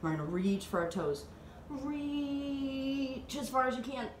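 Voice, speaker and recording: A woman teacher guiding children through a slow, playful yoga flow with animal sounds, recorded at home. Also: medium pitch, lively intonation, roomy sound, slight background noise. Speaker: Montessori teacher leading kids' yoga. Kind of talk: gentle guided yoga instruction for children. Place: at home, dog nearby.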